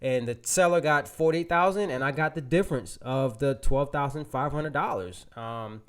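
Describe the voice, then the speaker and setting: This man speaks at a normal speed in a mid-range voice while hosting a real estate webinar. He spins an animated, laid-back story for viewers, frequently stopping to restart and leaning on fillers.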